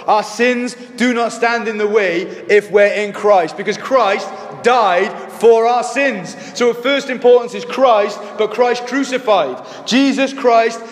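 A man preaches from the pulpit in an impassioned sermon, his voice pitched very high for a man. He presses his points hard and often rises to shouted emphasis. The sound rings through a roomy church hall with a long, trailing reverb. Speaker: pastor.

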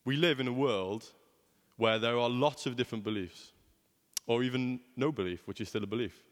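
A man's voice: medium pitch, normal speed. Young man preaching in a reverberant hall. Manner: conversational, asks rhetorical questions. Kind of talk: sermon.

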